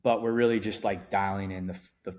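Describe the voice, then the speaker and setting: Middle-aged guy w a lowish voice, rambly podcast guest, lots of ums and restarts. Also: fairly even intonation, fairly quick, darkish tone. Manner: rambling, many restarts and fillers. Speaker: event company founder, podcast guest. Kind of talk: casual interview chat.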